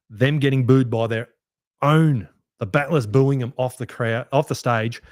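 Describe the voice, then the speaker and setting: Aussie bloke doing a footy review podcast, fired up and sweary, rambles a lot, dry close sound. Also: male voice, medium pitch, no echo. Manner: animated, sweary, rambling fan talk. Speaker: podcast host. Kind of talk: solo sports review podcast.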